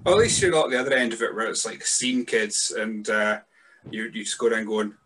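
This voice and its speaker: A man's voice: on the low side, fairly quick, fairly bright tone. A man with a mild Scottish accent, a podcast guest chatting casually in a laid-back, rambling, sweary way. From Scotland. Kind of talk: casual chat.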